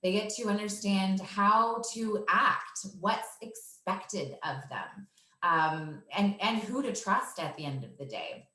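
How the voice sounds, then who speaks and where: Confident woman dog trainer, crisp forceful tone, talks through her methods plainly. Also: medium pitch, lively intonation, slow, roomy sound. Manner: assured, explanatory, laughs easily. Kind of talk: casual interview answers.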